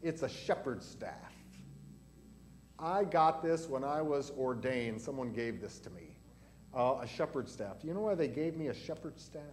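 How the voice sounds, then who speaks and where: A man's voice: medium pitch, animated, moderate pace, a little mellow, a little hiss or hum. A man pastor giving a catechism lesson in a church to children and adults, asking them questions as he goes. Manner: asks the children questions as he teaches.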